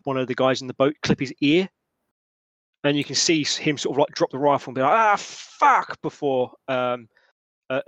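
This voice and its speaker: A man's voice: mid-range voice, no echo. Dry-voiced man running a tabletop game. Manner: halting, lots of restarts and fillers. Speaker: game master.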